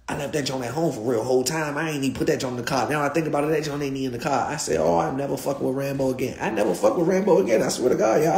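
A young man, a guest telling a story in animated, slangy style and repeating himself. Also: on the high side, gravelly, echoey room. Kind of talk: street storytelling.

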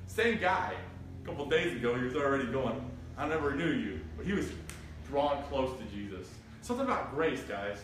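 A man's voice: medium pitch, fairly quick. A man preaching an interactive Bible study, reading scripture and asking the group questions. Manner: animated, asks the group questions, reads scripture aloud. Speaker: pastor. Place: church room. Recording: echoey room from far off, faint noise.

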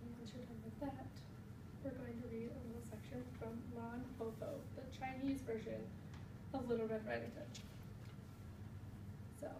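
A woman's voice: fairly high pitch, level tone, normal speed, long pauses. A young woman student teacher giving patient instructions and reading a story aloud to a class. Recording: roomy, distant, faint room noise.

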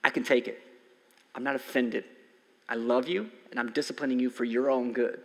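A man in his forties preaching a conversational sermon as a pastor, swinging from loud emphasis to soft near-whispers. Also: mid-range voice, fairly even intonation, normal speed. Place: church sanctuary. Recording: long hall reverb from a church sanctuary.

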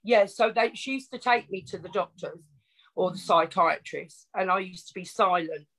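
Essex woman guest, lowish pitch, chatty, laughs a lot, frank storyteller. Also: moderate pace, fairly bright tone, low-quality recording. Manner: chatty, laughs often, frank and self-mocking. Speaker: podcast guest. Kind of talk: casual storytelling interview.

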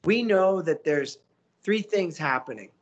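A man, a voice actor guest, telling stories in a casual interview, lively and coaching with acted-out quotes. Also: a little high, measured pace, highs cut off. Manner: animated, acts out quotes, coaching.

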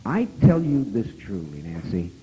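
A man telling a story at a live convention talk, animated and profane, who now and then breaks into loud shouting. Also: on the low side, normal speed, slight background noise, poor audio. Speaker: guest of honor speaker.

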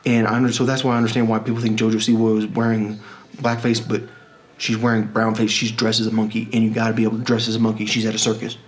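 A man's voice: lowish voice, completely flat delivery. A man from Texas talking in a rambling monologue, full of restarts and fillers. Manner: rambling, halting, with many restarts.

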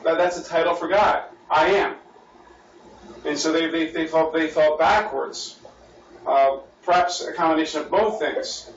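This American-accented pastor speaks at a fairly high pitch and a slightly slow pace while running a Bible study. He repeats himself as he thinks and poses questions to the class. The sound, captured in a church meeting room, is distant, roomy, dull, and carries light noise.

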